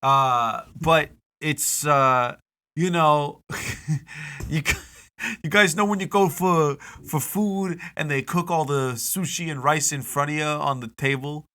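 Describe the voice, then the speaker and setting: Male co-host, bright edgy voice, hesitant and searching for words. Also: a little high, steady tone. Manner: hesitant, halting, lots of fillers. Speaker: podcast co-host. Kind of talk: casual podcast chat.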